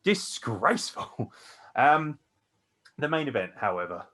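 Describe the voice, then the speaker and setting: A tired man co-hosting a wrestling podcast, gushing excitedly and swearing a lot as he rambles. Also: mid-range voice, measured pace. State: tired from no sleep. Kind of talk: excited casual chat.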